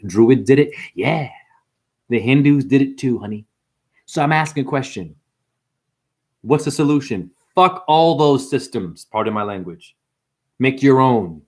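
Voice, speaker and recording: Profane, preachy man ranting. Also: mid-range voice. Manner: profane, emphatic, rhetorical questions; slows down hard for emphasis. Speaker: spiritual vlogger and store owner. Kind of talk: improvised preachy rant.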